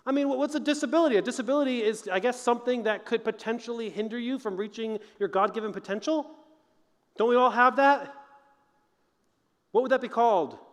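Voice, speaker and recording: A man's voice: very high-pitched, a little fast, long reverb tail. A man giving an earnest, conversational chapel talk to college students as a motivational speaker.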